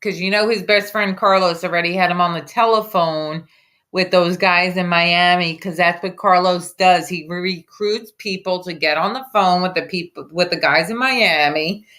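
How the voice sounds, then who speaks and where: A woman with a lowish voice and a sharp tone speaks at normal speed. She hosts reaction commentary over a clip, ranting in a mocking, sarcastic and combative way.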